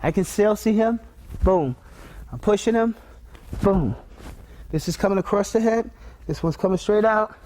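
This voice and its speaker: High-pitched guy teaching muay thai moves, calling out drills step by step. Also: normal speed, long pauses, a little mellow. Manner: calls out drill commands and step-by-step cues. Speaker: martial arts instructor. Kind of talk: instructional demonstration.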